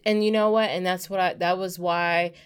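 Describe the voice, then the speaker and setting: A woman's voice: lowish voice, steady tone, moderate pace, clear, resonant tone. A woman hosting a podcast in a casual, joking chat, laughing at herself often. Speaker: podcast host.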